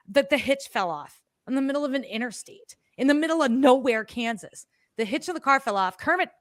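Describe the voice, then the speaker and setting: Animated, swearing woman telling a story. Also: sits high, no room sound, clean studio sound. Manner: animated, swears freely, acts out her own past words. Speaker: podcast co-host. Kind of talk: casual storytelling chat.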